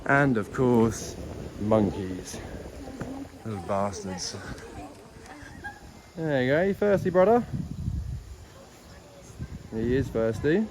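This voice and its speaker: A young man narrates his climb in an easygoing, self-deprecating way, panting between remarks. He speaks at a middling pitch. His handheld camera picks up his voice along with plain, steady outdoor noise. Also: slow, pauses often. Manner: chatty, self-mocking, breathless asides. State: out of breath. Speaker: travel vlogger. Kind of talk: casual vlog narration while hiking. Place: outdoor hillside stairway. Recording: outdoor camera audio with clear background noise.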